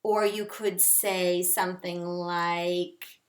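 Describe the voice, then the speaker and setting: A woman teacher slowly and clearly explaining English grammar to learners. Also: mid-range voice, steady tone. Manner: slow, clear, deliberate teaching delivery. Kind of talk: instructional lesson. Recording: echoey room, voice off-mic.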